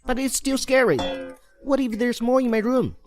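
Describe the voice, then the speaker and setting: A man's voice: steady tone, normal speed, a little mellow, faint music behind. An actor playing a timid, scheming young rich man in a dubbed drama, whiny and clingy. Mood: scared, whiny. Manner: whiny and clingy, pitch jumping up in fright. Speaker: bedridden rich husband.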